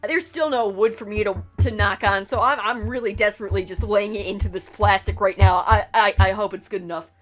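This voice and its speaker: A woman's voice: medium pitch, brisk, hardly any pauses, faint music behind. A woman streaming a video game, talking bluntly in a rambling, profane rant full of restarts. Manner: blunt, swears freely, ranting. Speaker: gaming streamer. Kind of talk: casual commentary while playing a game.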